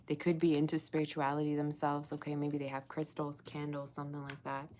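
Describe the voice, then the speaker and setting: A woman's voice: low-pitched, completely flat delivery, brisk, dark tone, slight background noise. A woman reading tarot on a live stream, chatting with viewers in the chat and sometimes dropping to a whisper. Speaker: tarot reader.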